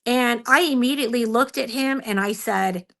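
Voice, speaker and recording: A woman who is a guest on a radio talk show, telling a personal story in an animated, expressive way and laughing often. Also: fairly high pitch, moderate pace, creaky. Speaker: Bigfoot researcher guest.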